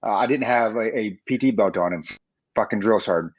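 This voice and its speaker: Fast, lively, husky-voiced man. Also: lowish voice, lo-fi sound. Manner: fast, lively and profane, laughing through stories. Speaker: podcast co-host. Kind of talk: casual chat.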